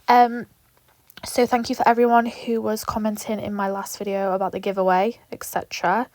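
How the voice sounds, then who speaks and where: A young woman talking through a nail tutorial in an animated, rambling way, with lots of swearing and asides. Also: fairly high pitch, a little fast, dry recording. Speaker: nail tech vlogger. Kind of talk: chatty tutorial vlog.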